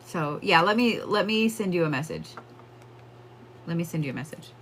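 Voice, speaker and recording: A woman talks straight to her chat in a loose, chatty way, stopping often to laugh. Her voice is bright and forward, though set a little low. She sounds like she is doing readings at home on a livestream. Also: lively intonation, moderate pace, a little hiss or hum. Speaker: livestream psychic reader.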